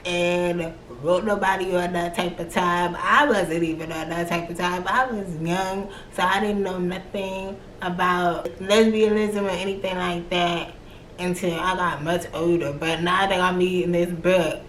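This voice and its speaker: A woman's voice: fairly low pitch, steady tone, unhurried, a bit bright. Young american woman vlogging, atlanta-virginia-new york accent, chatty and slangy, echoey room with faint noise behind. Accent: American, mix of Atlanta, Virginia and New York. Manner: chatty and slangy, voicing her own reactions. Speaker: book review vlogger. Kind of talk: casual chat. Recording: roomy echo with faint background noise.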